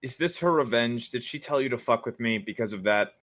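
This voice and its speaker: A man's voice: medium pitch, lively intonation, fairly quick, fairly bright tone, dry recording, pitched above the performer's own voice, close to an everyday voice. A man voicing a weary, suspicious adventurer who sounds tired and sarcastic. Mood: exasperated.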